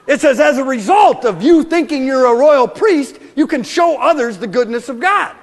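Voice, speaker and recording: A man's voice: high voice, gravelly, fairly bright tone. A male pastor preaching a sermon with passionate, conversational delivery, often restarting his sentences. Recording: long hall reverb.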